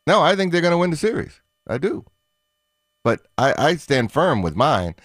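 A man's voice: on the high side, big pitch swings, normal speed, no room sound, studio quality. A man co-hosting sports talk radio, needling and questioning his partner.

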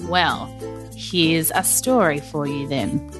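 A woman narrating a children's story aloud in an animated, playful storyteller manner. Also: lowish voice, measured pace. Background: faint music.

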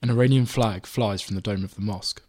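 A man reading his own magazine article aloud in measured, even scripted narration. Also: fairly low pitch.

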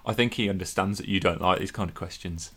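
A man's voice: deep voice, quick pace, fairly bright tone, husky. A man hosting a podcast, reading out listener questions in a friendly, upbeat way. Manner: friendly, upbeat, says "mate". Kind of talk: casual podcast chat.

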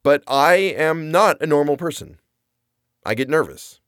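A man's voice: fairly high pitch, lively intonation, unhurried, a bit bright, no room sound, clean studio sound. A man narrating a comedic first-person story in a wry, self-deprecating, rambling way.

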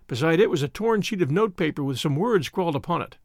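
A man narrating an audiobook in an expressive, lively reading style, close to the mic. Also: on the high side, fast, dry recording.

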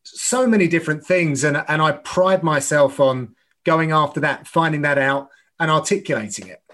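A man's voice: fairly high pitch, normal speed, fairly bright tone. A middle-aged man, an MMA commentator, talking earnestly in a podcast interview and often restarting phrases. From United Kingdom.

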